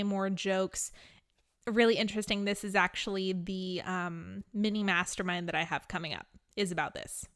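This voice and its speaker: A woman's voice: medium pitch, sharp tone, clear, resonant tone. A woman teaching a spiritual class and answering questions in a blunt, candid way, laughing now and then. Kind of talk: live teaching with Q&A.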